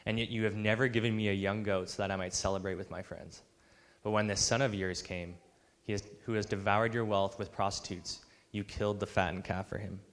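A man's voice: lowish voice, steady tone, a little fast, big-room sound. A man preaching a sermon, earnest, acting out the voices of the people he quotes. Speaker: pastor.

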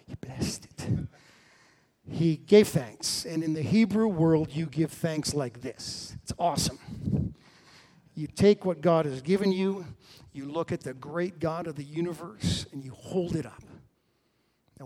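A middle-aged man preaching a sermon, telling the story with lively swings between loud and hushed delivery. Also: on the high side.

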